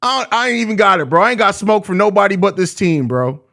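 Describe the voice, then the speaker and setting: A young man with a very high-pitched voice delivers a live-stream postgame rant. He is exasperated and profane, and he leans on slang, drawing out his complaints again and again. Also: very animated, fast talker, bright, forceful tone. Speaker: host of a live postgame show.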